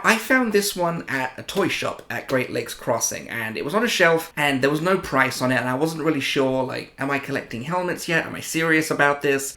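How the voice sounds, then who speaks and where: A man's voice: on the high side, slight background noise. British man telling stories in an echoey room. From United Kingdom. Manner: animated, self-amused storyteller. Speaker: collector vlogger. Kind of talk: casual storytelling. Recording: roomy echo.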